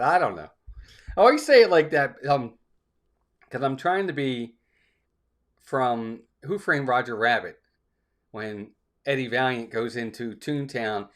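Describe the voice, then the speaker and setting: A man hosting a live stream in a casual, upbeat way, greeting chat viewers one by one by name. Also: medium pitch.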